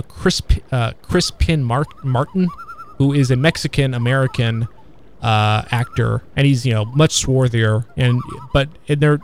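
A man in casual conversation about old films, talking in a halting, rambling way with many fillers and restarts. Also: medium pitch, a little hiss or hum. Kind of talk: casual film discussion.

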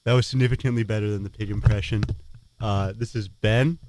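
A man's voice: lowish voice, fairly even intonation, a little fast, darkish tone. A man in his twenties from Portland, Oregon, introducing himself on a student radio show in a dry, matter-of-fact way. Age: 20s. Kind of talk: casual chat.

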